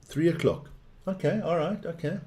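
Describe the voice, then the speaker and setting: A man giving casual live rugby commentary, excitable and blunt, swearing at the referees. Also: on the high side, moderate pace. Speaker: watch-along rugby commentator.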